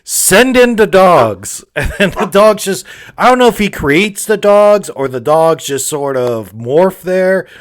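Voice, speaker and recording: A man's voice: high voice, expressive, measured pace. Laid-back guy with a crude, sarcastic edge; casual comedic recap. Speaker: movie recap host.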